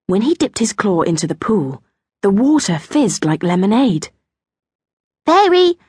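A woman narrating a children's audiobook in a gentle storytelling manner. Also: mid-range voice, moderate pace, slightly rough, no echo. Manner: gentle storytelling, lively intonation. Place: recording studio. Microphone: close studio mic.

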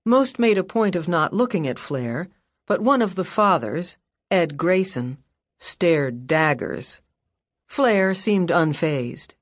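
A woman reading a crime novel aloud as audiobook narrator, measured and wry. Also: fairly low pitch, animated, dry recording, studio quality. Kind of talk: scripted narration. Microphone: close studio mic.

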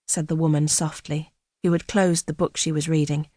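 A woman narrating an audiobook in the first person, in a measured, quietly dramatic reading on a close studio mic. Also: low voice, flat delivery, no room sound. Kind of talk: scripted narration.

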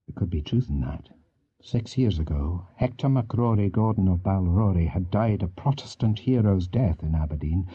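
Guy reading an audiobook, low mellow voice, lively delivery, muffled sound. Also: breathy edge. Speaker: audiobook narrator. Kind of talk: scripted narration.

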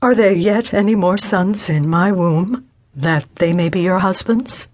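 A woman reading an older widow worn down by grief. She pleads softly and sorrowfully in a slow, breathy storybook voice. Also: fairly low pitch. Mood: pleading. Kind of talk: scripted audiobook narration.

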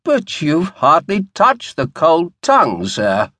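A man's voice: on the high side, wildly swooping pitch, slow, bright, forceful tone, no echo, voice pushed up, exaggerated voice. Man doing a timid, fussing old butler. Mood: plaintive. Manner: plaintive, fussing.

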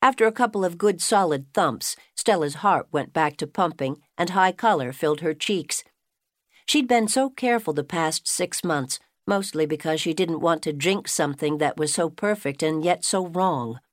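A woman's voice: low voice, normal speed, no echo. Woman narrating in a dry booth. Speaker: audiobook narrator. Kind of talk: scripted narration.

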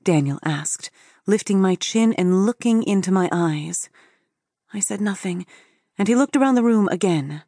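A woman's voice: mid-range voice, animated, moderate pace, warm tone, dry recording, clean studio sound. A woman narrating a first-person story for an audiobook in an intimate storytelling manner.

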